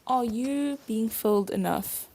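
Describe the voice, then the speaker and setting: A woman's voice: fairly high pitch, measured pace, mellow. A woman hosting her own podcast, a stage performer talking casually and reflectively with frequent asides and laughs.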